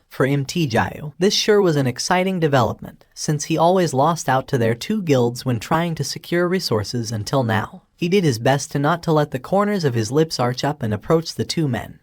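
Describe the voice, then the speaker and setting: A man reading a story recap in an even, steady way. His voice sits a little high and sounds close and dry, with no room around it. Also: moderate pace, hardly any pauses, no echo. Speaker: story narrator. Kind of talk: scripted story recap narration.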